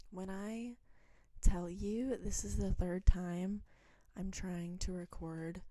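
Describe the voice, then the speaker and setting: A woman's voice: medium pitch, steady tone, drawn-out words, dark tone, dry recording. A young woman who chats casually, wanders into rambling asides and reads stories aloud. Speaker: vlogger reading online stories. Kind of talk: casual chat and reading aloud.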